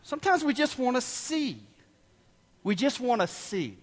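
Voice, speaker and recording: A male preacher with a high, lively voice delivers a sermon in a church hall. He tells stories animatedly and acts out the quoted lines. His voice rings with a long echo. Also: unhurried. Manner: animated storytelling, acting out quotes. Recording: echoey hall.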